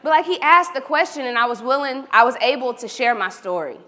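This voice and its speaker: Lively woman speaking onstage. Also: high-pitched, fairly quick. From Oklahoma. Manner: animated, storytelling, talks to the audience directly. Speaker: keynote speaker. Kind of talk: motivational keynote speech. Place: large hall. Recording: reverberant event hall.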